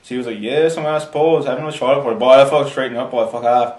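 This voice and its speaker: An actor with a Newfoundland accent playing a blunt, profane small-town buddy, talking in clipped slang. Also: male voice, medium pitch, fairly even intonation, quick pace, a little mellow, close to an everyday voice. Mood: gruff. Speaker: mockumentary interviewee. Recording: roomy echo, distant mic, faint hiss.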